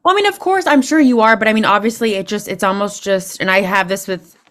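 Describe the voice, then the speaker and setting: A woman's voice: mid-range voice, quick pace, fairly bright tone. A woman hosting an interview over a video call, answering in a hesitant way with many fillers. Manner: hesitant, filler-heavy responses. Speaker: host.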